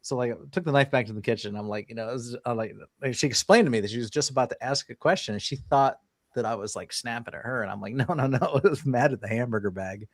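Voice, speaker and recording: A man's voice: mid-range voice, fast, no echo. A man in casual conversation, telling a personal story animatedly with frequent laughs and restarts.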